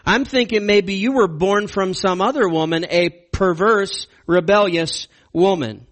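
A furious old king hurls insults at his son, as a male Bible teacher acts him out. The voice sits high and rises louder, scornful and mocking, with sudden slow stretched words for emphasis. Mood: angry, scornful.

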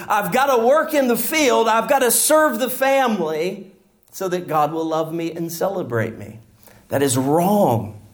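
A man preaching a sermon in a church, acting out the characters as he explains a parable. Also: high-pitched. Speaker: pastor.

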